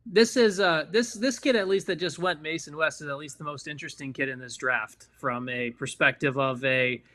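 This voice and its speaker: A man co-hosting a podcast, giving emphatic, loud commentary on draft picks. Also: on the high side, moderate pace. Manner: emphatic, loud, breaking into laughs. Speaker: podcast co-host, analyst. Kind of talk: excited commentary.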